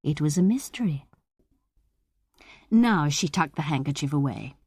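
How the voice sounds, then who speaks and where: Low-voiced woman reading an audiobook. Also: husky, no echo, studio quality. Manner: measured, expressive storytelling. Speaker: audiobook narrator. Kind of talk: scripted audiobook narration.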